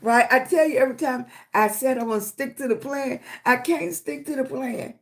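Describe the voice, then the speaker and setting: This livestream host is a middle-aged Virginian woman whose voice sits high and moves at a normal speed. Affectionate throughout, she calls listeners sweetie and baby, greets them by name, and offers motivational encouragement. "Right?" comes up again and again.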